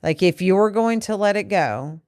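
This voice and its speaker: A woman's voice: medium pitch, lively intonation, measured pace, darkish tone, no echo, studio quality. A woman co-hosting a podcast, talking earnestly and at length with her partner about a disagreement. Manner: earnest, explaining at length with restarts. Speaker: podcast co-host. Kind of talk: candid couple conversation.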